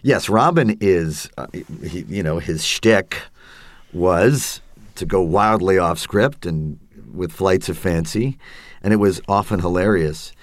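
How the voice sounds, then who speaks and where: Brief: middle-aged man, interview guest, very deep voice, thoughtful and hesitant, dry close sound. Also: takes it slowly, no echo. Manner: reflective, hesitant, with many fillers and asides. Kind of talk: casual interview talk.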